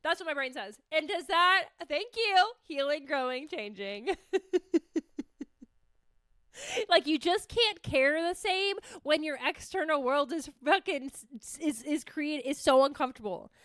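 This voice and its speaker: A young woman hosting a podcast alone, talking in a rambling, animated, self-mocking way with plenty of swearing. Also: sits high, measured pace, no echo, studio quality. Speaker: podcast host. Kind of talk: casual solo chat.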